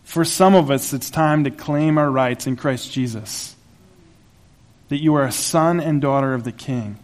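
A man's voice: mid-range voice, measured pace. A pastor preaching a sermon to his congregation in a conversational, humorous way, laughing at his own asides. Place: church sanctuary.

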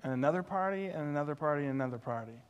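A male pastor preaching through a personal story, animated and self-deprecating, acting out the voices he quotes. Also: a little high, rapid-fire, clean tone, muffled recording. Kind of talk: sermon storytelling.

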